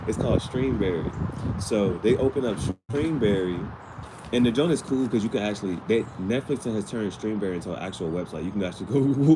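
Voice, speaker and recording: Slangy man rambling outdoors over traffic. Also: on the low side. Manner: slangy, rambling storytelling with restarts. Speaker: vlogger. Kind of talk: casual recap of a TV episode.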